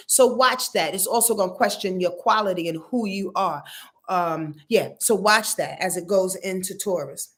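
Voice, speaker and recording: A woman's voice: mid-range voice, animated, normal speed. A woman hosting an astrology live stream in a casual, chatty way, laughing often, talking straight to her viewers and swearing now and then.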